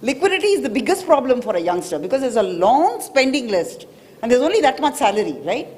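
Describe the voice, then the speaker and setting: A woman's voice: high voice, sing-song, fast talker, a little mellow. A woman with an Indian English accent giving a public talk as a financial expert, explaining with frequent "right?" checks to the audience. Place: hotel event hall.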